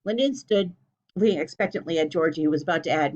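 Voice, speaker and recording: A woman reading a children's storybook aloud in a clear, steady way. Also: low-pitched, fast. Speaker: narrator. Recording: dull lo-fi recording.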